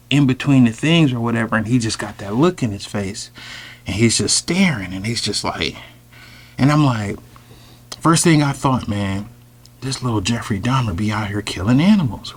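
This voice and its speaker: Animated slangy man telling a story. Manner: animated, slangy, with sudden loud high outbursts. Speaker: storyteller host. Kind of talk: casual storytime monologue.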